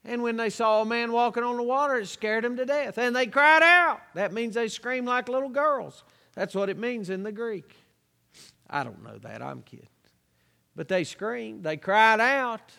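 A man preaching a sermon, drawing out scripture verses slowly and adding folksy asides. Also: high-pitched, fairly bright tone. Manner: slow drawn-out scripture reading, folksy asides. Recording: long hall reverb.

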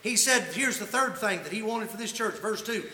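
A man's voice: high-pitched, expressive, moderate pace, bright, forceful tone. A man preaching a sermon, telling a humorous personal story in a folksy, colloquial way. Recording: echoey hall reverb.

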